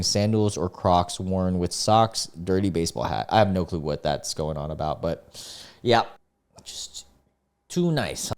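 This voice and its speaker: Incredulous young man reacting to chat posts. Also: on the low side. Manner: incredulous, sarcastic reactions with frequent filler words. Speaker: host reading online posts. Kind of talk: casual commentary reading chats aloud.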